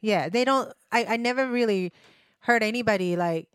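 A woman co-host in relaxed podcast talk. Her English is plain and slightly ungrammatical, and she often pauses to search for words. She is recorded dry and close. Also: a little high, clean tone, no room sound. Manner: simple, non-native English grammar, hesitant. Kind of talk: casual podcast chat.

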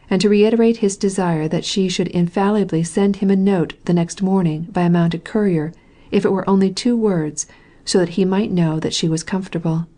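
A classic novel is narrated by a woman reading for an audiobook. Her pitch is on the low side and her storytelling stays calm and even.

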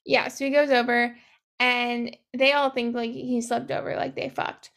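High-voiced woman with lots of fry, chatty and sweary, recapping a movie. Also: level tone, normal speed, a bit bright. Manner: chatty, swears freely, acts out lines with laughter. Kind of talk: casual chat recapping a movie.

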